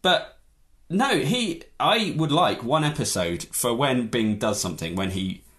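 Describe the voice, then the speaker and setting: A man in a casual chat, ranting in an animated, exaggerated comic way. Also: mid-range voice, a little slow.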